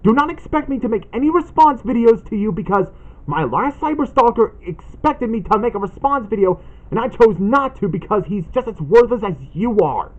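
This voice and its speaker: An indignant man hosts a ranting callout vlog and reads posts aloud in an accusatory tone. His voice is high and swings widely in pitch. The recording sounds dull and lo-fi. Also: animated, a little fast. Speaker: channel host making a callout video.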